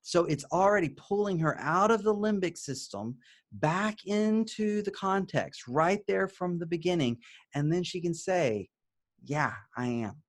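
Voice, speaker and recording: A middle-aged man teaching couples as a therapist, talking conversationally, asking and answering his own questions, and softly acting out gentle example phrases. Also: high-pitched, lively intonation, measured pace. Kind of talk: video lesson to camera.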